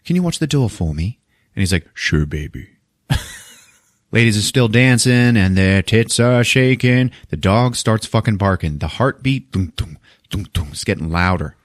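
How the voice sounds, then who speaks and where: A man's voice: fairly low pitch, moderate pace, no room sound. A man hosting a podcast, recapping a film in casual chat and acting out its characters with lots of swearing. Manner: animated storytelling, acting out characters with profanity.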